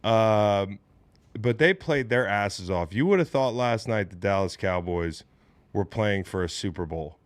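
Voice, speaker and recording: A low-pitched man in his late thirties hosts a casual sports talk show. He is animated and joking, swears freely, and sounds close and dry with no room around him. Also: measured pace, dry recording. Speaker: podcast host.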